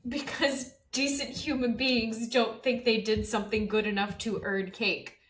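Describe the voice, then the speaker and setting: A woman's voice: fairly high pitch, fairly even intonation, measured pace. A woman co-hosting a podcast in casual chat, wry and mock-earnest. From United States. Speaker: podcast co-host.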